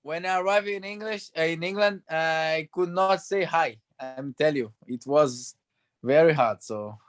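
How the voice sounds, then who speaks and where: Brazilian ex-athlete guest in his thirties, high-pitched, halting English, laughs easily. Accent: Brazilian Portuguese. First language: Portuguese. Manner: halting, laughs often, restarts. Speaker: guest, former footballer. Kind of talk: podcast interview.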